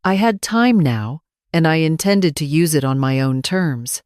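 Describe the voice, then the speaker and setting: An older woman narrating a first-person story in a measured, calm, reflective way. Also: low-pitched, no room sound, studio quality.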